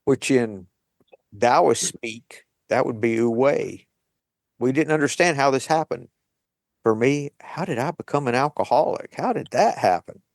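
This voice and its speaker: Slow, reflective man sharing. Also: medium pitch, no echo, studio quality. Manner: slow, thoughtful, with light laughs. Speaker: podcast host leading a recovery meeting.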